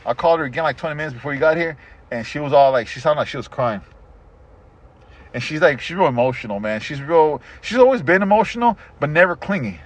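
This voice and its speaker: A middle-aged man hosting a casual podcast chat, telling stories in an animated, profane way. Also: a little high, quick pace. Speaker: podcast host. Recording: dull lo-fi podcast audio.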